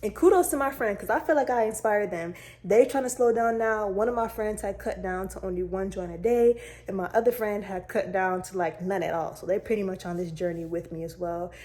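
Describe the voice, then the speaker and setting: A young woman talks straight to her viewers in a relaxed, candid vlog. Her voice is mellow and warm, with a middling pitch. She speaks casually and openly, like she is catching up with friends. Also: fairly quick. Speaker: vlogger. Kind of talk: casual personal storytelling to camera.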